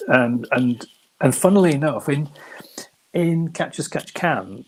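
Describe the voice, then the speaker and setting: A middle-aged man from Yorkshire, a crime author, chatting casually in an interview with a soft, soothing, polished voice that never rises to a shout, rambling and poking fun at himself. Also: mid-range voice, animated, a little slow, slight background noise, poor audio. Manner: chatty, wandering, self-mocking.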